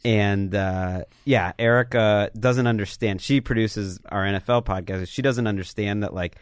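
A man's voice: on the low side, moderate pace, clean tone, no echo, studio quality. A man co-hosting a podcast, talking earnestly and rambling with plenty of fillers. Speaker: podcast co-host, football analyst. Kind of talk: casual chat.

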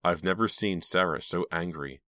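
A man's voice: deep voice, normal speed, pushed and bright, no room sound. A man voicing an exasperated teenage girl who snaps at her sister. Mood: worried. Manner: snappish, exasperated. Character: snappy teenage girl, art student.

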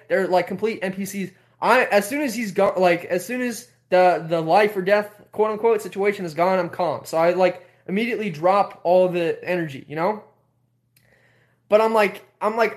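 A young man telling a story on a live stream, animated, swearing and repeating himself. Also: sits high, normal speed. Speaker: host.

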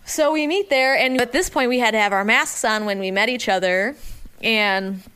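A young woman in casual podcast chat, telling an animated story with lots of fillers. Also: a little high, normal speed, clean tone. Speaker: podcast guest.

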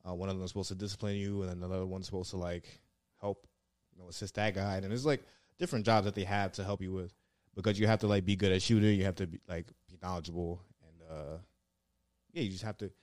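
A man's voice: low voice, fairly even intonation, fast talker, darkish tone, no room sound, clean studio sound. A man telling rambling, profanity-laced stories in casual chat, full of fillers. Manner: laid-back, swears a lot, lots of fillers. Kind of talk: casual storytelling.

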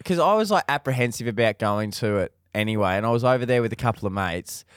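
A man co-hosting a podcast, chatting casually, telling animated stories and swearing freely. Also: mid-range voice, fast talker, no echo, clean studio sound. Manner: animated storyteller, swears freely, acts out quotes loudly. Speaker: podcast co-host. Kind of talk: casual chat.

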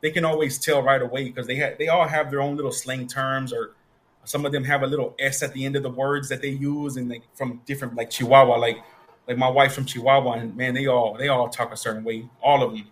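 A man's voice: mid-range voice, a little fast. A man in casual chat, telling stories and acting out quoted voices. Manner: animated storyteller, acts out quoted voices.

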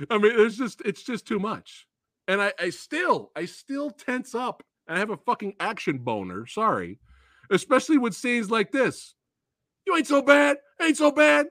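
A man's voice rises and falls all over the place as he rants with glee about movies he loves, dropping curses along the way. His tone is bright and forward, and the recording is dry and close, with almost no room sound. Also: high-pitched, a little slow, dry recording. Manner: excitable, profane, acts out movie quotes. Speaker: podcast host. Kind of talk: casual movie chat.

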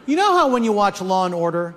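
High-voiced man telling a comic story. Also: quick pace, in a large hall. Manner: animated, building to mock-outraged shouts. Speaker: comedian.

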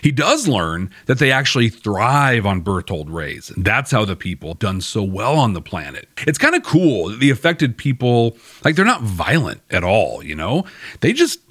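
Host, young man, lively wry recap, dry close sound. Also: fairly low pitch, moderate pace, hardly any pauses, husky, dry recording. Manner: wry, animated, chuckling asides. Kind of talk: casual episode recap.

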